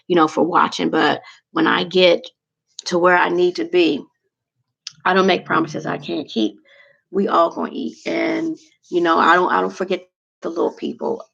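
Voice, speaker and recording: A woman's voice: fairly low pitch, sing-song, moderate pace, creaky, fairly bright tone, slightly rough, highs cut off. A woman vlogger chatting casually and emotionally to her viewers, rambling from one thing to the next.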